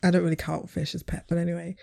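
A young British woman co-hosting a casual podcast chat, animated and quick to laugh. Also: creaky. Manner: animated, laughs often, acts out quotes in high voices. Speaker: podcast co-host.

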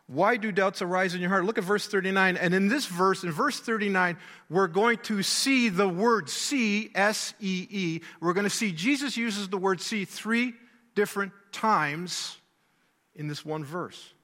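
High bright-voiced man preaching in a hall. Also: unhurried. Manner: emphatic, repeats key words and asks rhetorical questions. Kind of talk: sermon.

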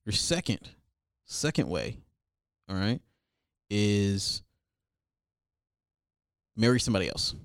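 A man's voice: on the low side, big pitch swings, takes it slowly, long pauses, fairly bright tone, clear, resonant tone, dry recording, studio quality. A young man hosting a comedic advice show, rambling crude and over-the-top.

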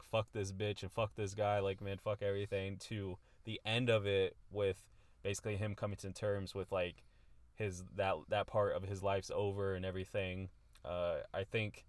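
A man's voice: deep voice, no echo. A man co-hosting a casual podcast, talking in a laid-back way with lots of "um" and "like". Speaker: podcast co-host.

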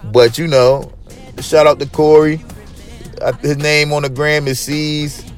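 A man's voice: a little high, flat delivery, unhurried, faint music behind. A man hosting his own podcast alone, talking to listeners in a loose, profane, hyped and rambling way. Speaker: podcast host. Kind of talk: casual solo podcast monologue.

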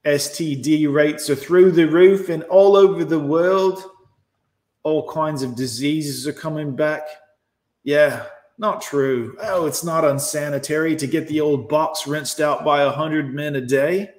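Sarcastic ranting streamer in an echoey room. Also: male voice, fairly high pitch, a little slow, a little mellow. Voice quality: sarcastic, profane, mocking. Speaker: livestream host reacting to posts. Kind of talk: ranting live commentary.

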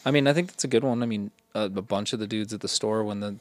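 A man's voice: lowish voice, quick pace, a little mellow, no echo. A young man co-hosting a casual podcast chat, joking and swearing freely. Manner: joking, swears freely, breaks into silly voices. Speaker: podcast co-host.

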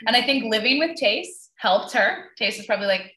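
A woman hosting a loose, chatty podcast, laughing at her own stumbles. Her voice is bright, and the room around her rings with echo. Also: fairly high pitch, lively intonation, brisk. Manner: chatty, laughing, self-correcting. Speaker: podcast host. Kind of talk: casual chat.

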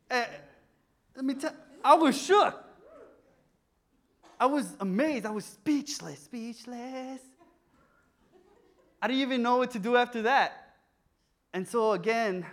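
A man's voice: high-pitched, a bit bright. A young man telling a personal story in a sermon, acting out the voices of the people in it. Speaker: preacher.

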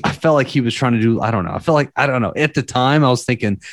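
A man's voice: medium pitch, expressive, fast talker, no room sound, clean studio sound. A young man in his twenties telling a story in casual podcast chat, rambling and profane with lots of fillers.

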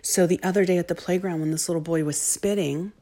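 Low-voiced woman telling a story. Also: fast talker. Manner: animated, drops to soft near-whispers. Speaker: mother telling a parenting story. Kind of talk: casual storytelling monologue.

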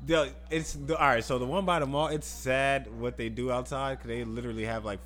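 A man's voice: medium pitch, steady tone, a little fast, fairly bright tone. A man co-hosting a casual chat, laughing often and swearing freely. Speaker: podcast co-host.

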